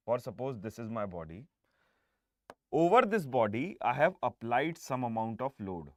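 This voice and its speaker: A man's voice: medium pitch, very animated, moderate pace, no echo. Emphatic Indian man teaching engineering. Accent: Indian English. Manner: emphatic teacher, frequent checking "right?" and "okay?". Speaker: engineering exam lecturer. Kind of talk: online classroom lecture.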